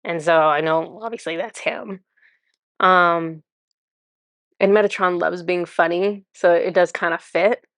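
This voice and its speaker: A woman with a somewhat low voice tells a story straight to camera, chatty and amused, often breaking into laughter. Now and then she sinks into a soft, breathy murmur. The recording is dry and close, with no room sound. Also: fairly even intonation, measured pace, no room sound. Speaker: spiritual channeler.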